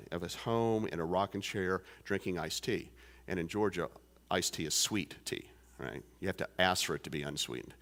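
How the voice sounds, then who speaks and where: A man's voice: fairly low pitch, a bit bright. A pastor in his fifties telling a folksy story during a sermon, with many fillers and restarts. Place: church sanctuary. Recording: long church reverb.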